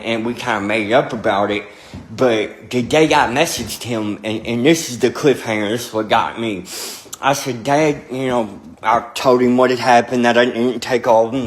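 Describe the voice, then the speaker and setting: A young man telling a story in a blunt, profane, rambling way, repeating fillers. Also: medium pitch. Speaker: storyteller recounting his past. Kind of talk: casual storytelling to camera.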